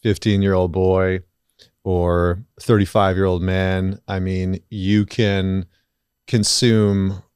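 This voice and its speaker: A man's voice: deep voice, flat delivery, slow pace, darkish tone, clean tone, no room sound, studio quality. A man in his thirties, a guest on a podcast, speaking candidly and bluntly with casual swearing. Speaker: podcast guest, men's work facilitator.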